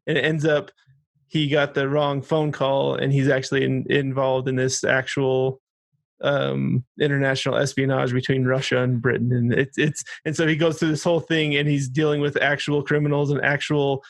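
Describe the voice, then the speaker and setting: A man in his thirties co-hosting a casual podcast, excitedly retelling film scenes. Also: mid-range voice, moderate pace, gravelly, no room sound. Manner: animated, quotes film lines in put-on voices. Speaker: podcast co-host. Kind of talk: casual chat.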